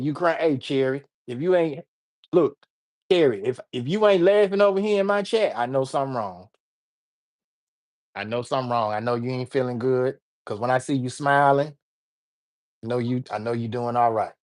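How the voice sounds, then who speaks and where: A relaxed American man with an American accent, hosting a livestream. He talks loosely and slangily, rambling from one thought to the next in an easygoing, conversational way. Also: on the high side. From United States. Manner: laid-back, slangy, rambling. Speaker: livestream host. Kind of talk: casual livestream chat.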